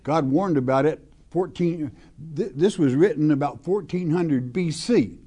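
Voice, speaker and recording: Guy preaching thru a bible chapter, mellow voice, reads verses slow then chats about them, asks you questions. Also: fairly high pitch, breathy edge. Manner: reads scripture slowly with stress, then explains plainly; folksy, asks the listener questions. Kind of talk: verse-by-verse sermon.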